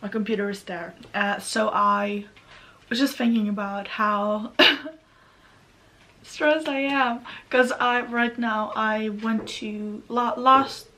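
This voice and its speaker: A woman's voice: a little high, steady tone, takes it slowly, pushed and bright, a little hiss or hum. Rambling Norwegian woman vlogging. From Norway. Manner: rambling, self-correcting, nervous. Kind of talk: casual vlog monologue. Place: at home near her computer.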